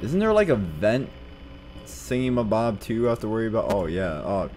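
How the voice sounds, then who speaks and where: A man's voice: lowish voice, sing-song, normal speed, darkish tone. A man casually commenting over gameplay, loose and slangy. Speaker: gaming channel host.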